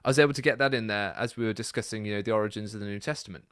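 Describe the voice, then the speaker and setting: A man hosting a casual Q&A, reading out viewer comments and chatting about them in a relaxed, rambling way. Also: on the low side, racing, smooth, no echo, clean studio sound. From Britain. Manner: chatty and relaxed, many fillers and asides. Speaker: YouTube channel host.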